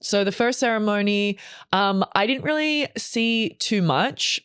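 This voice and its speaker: A woman in her forties talks through a heavy memory in a loose, profane, rambling way, often stopping to restart her sentences. Her pitch sits in a middle range. The recording is dry and close, with no room sound. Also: unhurried, a bit bright, smooth, no room sound. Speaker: comedian guest. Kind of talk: candid storytelling chat.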